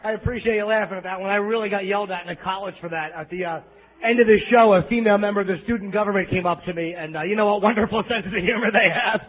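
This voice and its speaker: A man with a New York accent delivers a crude, self-mocking stand-up set in a very high voice. He sounds brash and blunt with a live crowd. The sound is a dull, muffled bootleg tape with a faint hiss underneath. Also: fast. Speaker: stand-up comedian. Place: live club theater.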